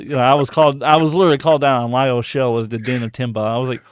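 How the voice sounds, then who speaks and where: A man's voice: medium pitch, lively intonation, very fast, hardly any pauses, clear, resonant tone, no echo, studio quality. A man hosting a casual live podcast, swearing constantly and mocking the posts he reads aloud. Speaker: podcast host.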